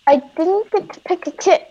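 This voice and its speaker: A woman chatting while gaming, playfully putting on an accent with broken English and drawn-out teasing lines. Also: very high voice, mellow, muffled recording. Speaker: gamer. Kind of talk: casual gaming chat.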